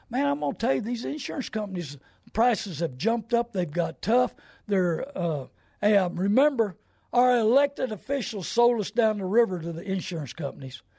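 A man's voice: sits high, gravelly, darkish tone, husky, dry recording, clean studio sound. A middle-aged man hosting a radio talk show, folksy and preachy, mixing car-buying advice with scripture and rising into indignant rants.

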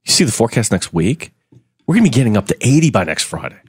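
A male sports radio co-host who tells stories with a playful, animated delivery. His pitch sits in the middle but swings widely as he talks. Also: fast talker, husky. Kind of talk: casual sports radio chat.

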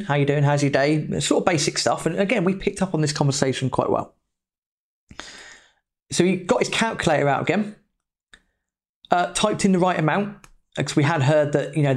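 Chatty man telling a story. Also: fairly high pitch. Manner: chatty, loose, with mild swearing. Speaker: podcast host. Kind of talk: casual anecdotal storytelling.

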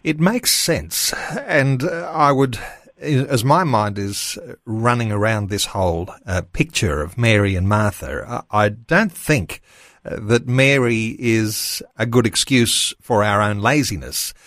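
Male radio host, dry close studio mic, measured and unhurried, lots of "uh" fillers. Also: on the low side, fairly bright tone, no echo. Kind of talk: radio interview on faith.

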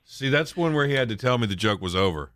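A man's voice: mid-range voice, lively intonation, fast, a bit bright, clear, resonant tone, no room sound, studio quality. A middle-aged man hosting a radio show, chatting casually and reminiscing. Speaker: radio host.

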